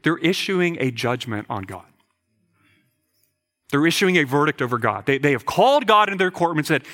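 A man preaches with emphatic, rhetorical questions, often doubling his words. His voice is bright and swings widely in pitch. Long reverb from a large hall trails each phrase. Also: sing-song, a little fast, pauses often. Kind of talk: sermon.

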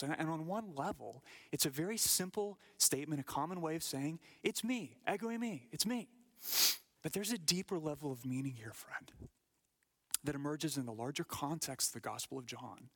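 A middle-aged male pastor preaching a sermon, emphatic, sometimes dropping to a hushed whisper and often repeating words as he builds. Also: medium pitch.

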